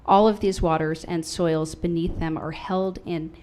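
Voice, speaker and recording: A woman leading a water law nonprofit, giving a formal, legalistic public comment at a government meeting in a measured way. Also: low voice, fairly even intonation, a little mellow, a little hiss or hum.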